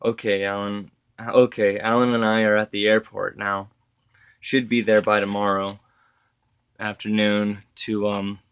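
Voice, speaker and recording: A man's voice: on the low side, level tone, measured pace, smooth, dry recording. A man voicing a grown woman relative, worried and then tearfully accusing on the phone.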